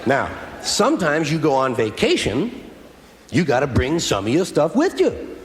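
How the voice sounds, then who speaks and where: A man's voice: on the high side, huge pitch swings, unhurried. A man doing observational stand-up comedy, riffing in repetitive, building phrases. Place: stage in a hall. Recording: echoey hall with clear ambient noise.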